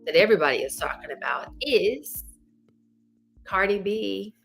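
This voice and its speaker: Southern woman, middle-aged, energetic livestream host, bright and forward tone. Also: medium pitch, a little slow, gravelly, faint music behind. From Arkansas. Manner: chatty, energetic, greets viewers by name, says "y'all" and "child". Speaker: love coach and livestream host. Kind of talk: casual livestream chat.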